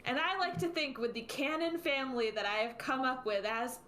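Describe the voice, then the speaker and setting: A woman playing a tabletop role-playing game, talking chattily with quick laughing asides. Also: high voice, expressive, a bit bright. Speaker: player. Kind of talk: casual tabletop play.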